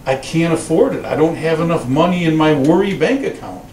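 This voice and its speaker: A man preaching as a pastor, telling stories and acting out quoted voices with lively delivery. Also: brisk, reverberant, recorded from a distance, a little hiss or hum, poor audio. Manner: animated storytelling, voices quotes in a raised pitch. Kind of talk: sermon. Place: church sanctuary.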